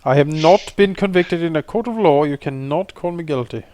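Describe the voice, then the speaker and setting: A man's voice: fairly high pitch, normal speed, darkish tone. A man playing in a tabletop game, bantering with a wry, joking manner. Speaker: player. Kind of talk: casual chat at a game table.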